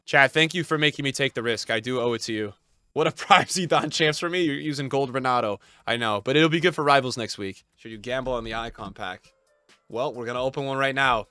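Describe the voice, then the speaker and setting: A man's voice: on the high side, brisk, pushed and bright, no room sound, clean studio sound. A young man streaming a pack opening, hyped and chatty, talking straight to his chat. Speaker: gaming streamer.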